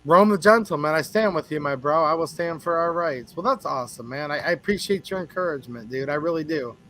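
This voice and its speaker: A man's voice: fairly high pitch, brisk, a bit bright, low-quality recording. A man hosting a casual livestream, chatting with viewers and greeting them by name in a rambling, joking way. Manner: chatty, rambling, jokes with chat. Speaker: livestream host.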